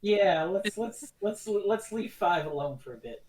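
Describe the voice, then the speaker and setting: A man co-hosting a podcast, chatting casually about a TV serial, animated and swearing freely as he acts out quotes. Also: sits high, a little slow. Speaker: podcast co-host. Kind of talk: casual review chat.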